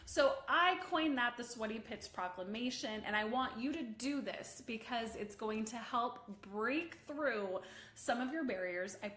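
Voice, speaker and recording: A woman coach hosting a live video session, bubbly and animated, chatting with viewers and reading out their comments. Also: a little high, measured pace, echoey room, slight background noise. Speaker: online visibility coach. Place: home office room.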